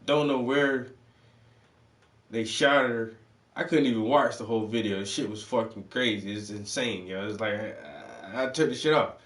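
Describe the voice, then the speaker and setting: A man's voice: mid-range voice, normal speed, fairly bright tone. A man hosting his channel, telling a story as a loose, profane rant full of "like". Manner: profane, rambling, heavy use of "like". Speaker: channel host. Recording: roomy, distant from the mic.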